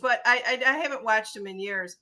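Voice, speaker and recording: A woman hosting a casual chat, pausing often and searching for words. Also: fairly high pitch, a crowd in the background. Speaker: host.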